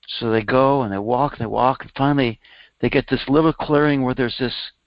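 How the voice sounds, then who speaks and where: Male spiritual teacher, animated storyteller, mid pitch, dry dull recording. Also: fairly quick, dry recording. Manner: animated storyteller, voicing characters with raised pitch. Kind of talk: storytelling sermon.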